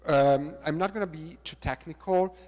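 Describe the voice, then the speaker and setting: A middle-aged man with an Italian accent, a choreographer lecturing on dance technique, halting and repeating words, counting beats aloud. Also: a little high, a little mellow. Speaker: choreographer giving a talk. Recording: reverberant lecture hall.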